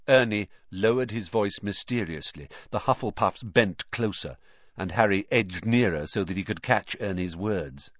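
A man reading a story aloud as narrator, with an expressive delivery. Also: fairly low pitch, normal speed, no room sound. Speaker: audiobook narrator. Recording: dry, slightly muffled audio.

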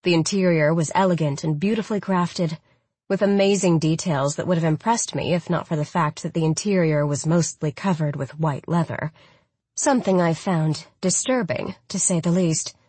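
A woman reading a first-person audiobook in a smooth, even way with breathy, intimate touches. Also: low-pitched, moderate pace, no room sound. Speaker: audiobook narrator.

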